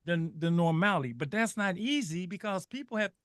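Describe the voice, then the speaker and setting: A man's voice: high voice, expressive, a little fast, a bit bright, dry recording, studio quality. A middle-aged man talking with passion on a radio show, often repeating and restarting his words. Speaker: guest. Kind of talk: impassioned radio talk.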